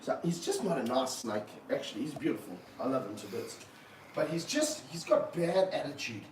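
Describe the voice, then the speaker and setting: A man keeping snakes, talking through a live stream as he handles one, with excited bursts and low muttered asides. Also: moderate pace. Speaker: snake keeper. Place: room of snake enclosures, indoors. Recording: roomy, from a distance, faint background hum.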